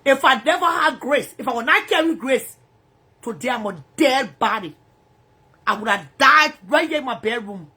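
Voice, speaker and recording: A woman's voice: high-pitched, animated, normal speed, pushed and bright, slightly rough. A woman ranting angrily in profane, repetitive bursts from her bedroom. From Liberia. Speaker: social media personality.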